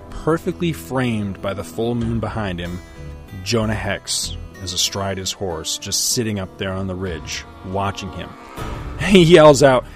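A middle-aged man retells a western comic panel by panel in a relaxed, chatty storytelling way, dropping his own asides. His voice sits lowish. Faint music plays behind. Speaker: comic book reviewer. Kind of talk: casual comic book recap.

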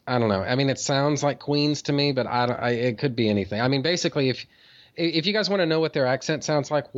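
A man telling a long story in casual chat, rambling with many fillers and restarts, and swearing freely. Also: mid-range voice. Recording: dull lo-fi audio.

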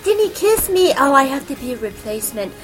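A woman's voice: high-pitched, sing-song, a little fast, voice pushed up. A woman voicing a flustered, confused young man who stammers and whines in a frantic rush. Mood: flustered panic.

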